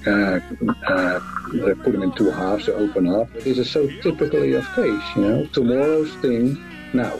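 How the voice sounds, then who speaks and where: A man giving an interview, recounting memories in a rambling, halting way with many fillers. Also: medium pitch, vocal fry, music in the background, poor audio. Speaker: interview guest. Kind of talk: interview recollection.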